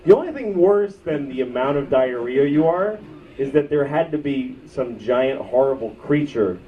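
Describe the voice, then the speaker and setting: In a club, a man with a mid-range, lively voice talks at normal speed through a stand-up set of crude, self-deprecating, rambling stories. The bootleg recording is muffled and distant, with crowd noise and audience laughter behind him.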